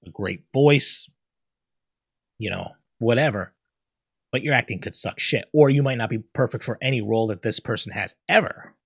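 A man's voice: medium pitch, slightly rough, dry recording, studio quality. A man hosting a casual solo talk show, ranting bluntly and swearing freely about the news. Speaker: podcast host.

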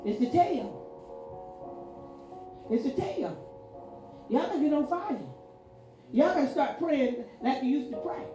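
Woman pastor, fervent sermon with shouted peaks; distant echoey church room, music under. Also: high voice, animated, a little slow, pauses often. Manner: fervent, rising to shouts, repetitive call-outs.

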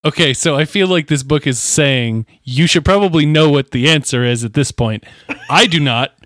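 A man's voice: fairly high pitch, moderate pace, fairly bright tone, dry recording. Wry man thinking aloud, dry sound. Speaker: player in a gamebook session. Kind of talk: casual chat.

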